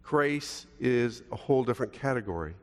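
Older preacher with folksy, chatty delivery. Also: male voice, medium pitch, lively intonation, moderate pace. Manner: conversational and folksy, asks the congregation questions. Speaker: pastor. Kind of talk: sermon. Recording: long reverb of a large hall.

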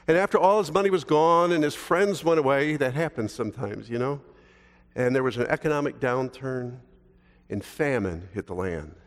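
An older man preaching a sermon in a conversational, folksy way, often putting questions to his congregation. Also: mid-range voice. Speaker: pastor. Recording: long reverb of a large hall.

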